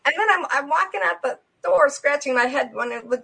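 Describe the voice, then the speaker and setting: Talk show guest, a woman with a fairly high voice; animated storyteller who acts out the dialogue, casual with lots of fillers. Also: fairly quick, gravelly. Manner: animated, acts out the dialogue with big jumps in pitch and loudness; loose and conversational, with many fillers. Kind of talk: telling a personal faith story.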